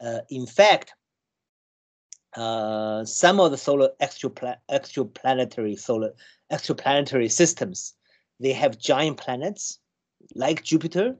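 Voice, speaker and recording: Halting man explaining with many restarts. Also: mid-range voice, expressive. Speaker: scientist guest. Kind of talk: conversational explanation.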